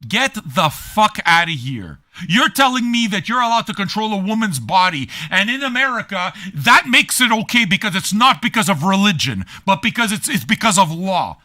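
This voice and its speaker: A man hosting a livestream tears into his chat viewers with crude, mocking jabs. His voice is sharp and very bright. It rides a little high and swings widely in pitch as he taunts them. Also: lively intonation, brisk, hardly any pauses. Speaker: DJ and livestream host. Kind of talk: profane rant at chat viewers.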